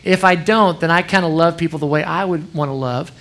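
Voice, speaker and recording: A man's voice: on the high side, fairly quick, fairly bright tone. A middle-aged man preaching a sermon as pastor, telling stories in a conversational way with frequent asides to the congregation.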